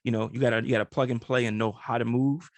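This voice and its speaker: A man co-hosting a podcast in a relaxed, slangy way, cheering on his partner. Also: medium pitch, quick pace, no room sound. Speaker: podcast co-host. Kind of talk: casual chat.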